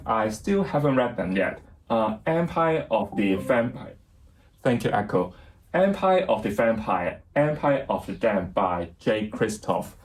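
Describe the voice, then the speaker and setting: A man giving a casual bookshelf tour as a book vlogger, chatty and self-deprecating, pausing now and then to recall titles. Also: lowish voice, poor audio. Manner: chatty, self-deprecating, laughs lightly at himself; pauses to recall titles and names.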